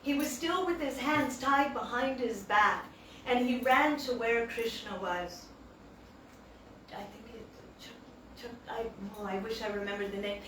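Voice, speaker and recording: Casting: woman storyteller, animated devotional talk, distant mic, faint background hum. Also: a little high, a little slow. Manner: animated, acts out quotes. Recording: echoey hall, distant mic.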